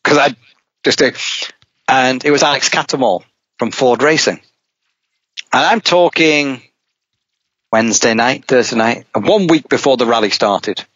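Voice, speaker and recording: A middle-aged man, a rally driver, telling a long anecdote in casual talk, lively and rambling, with many restarts. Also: medium pitch, normal speed, long pauses, no room sound. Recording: dull, dry podcast audio.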